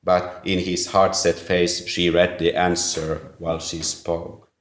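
A man with a very deep voice reads a story aloud in a slow, measured way. His delivery is earnest, with a few small slips along the way. The sound is roomy and echoing. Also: completely flat delivery. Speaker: narrator. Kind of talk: audiobook reading. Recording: roomy echo.

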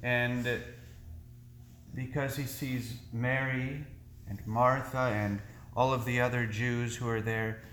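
Slow, earnest preaching man in echoey church. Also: medium pitch, fairly even intonation, a bit bright, a little hiss or hum. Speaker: priest. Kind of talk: sermon.

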